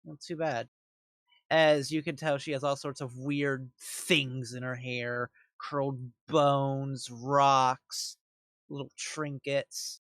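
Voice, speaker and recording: A man running a tabletop game, describing the scene at an unhurried pace. His voice is gravelly with a bright edge. The sound is dry and close. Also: mid-range voice, flat delivery, dry recording. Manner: slow, descriptive narration. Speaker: dungeon master.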